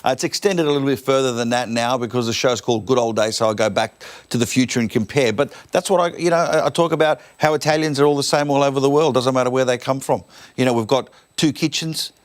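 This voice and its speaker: A middle-aged Australian man talks like a comedian on a morning show. He tells chatty, self-mocking stories and jokes about his family. His voice sits at an ordinary middle pitch. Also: quick pace. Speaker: comedian guest. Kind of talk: joking talk-show chat.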